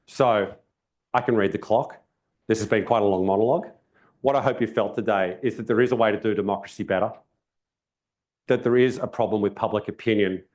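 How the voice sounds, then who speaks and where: An Australian man delivers a keynote talk at a public event, speaking in a somewhat low voice. His delivery is conversational but emphatic. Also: darkish tone. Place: event venue.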